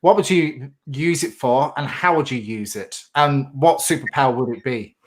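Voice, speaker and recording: A man's voice: medium pitch, moderate pace. A man from Ireland hosting a podcast interview, friendly and hesitant, with many fillers. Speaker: podcast host. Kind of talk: casual interview chat.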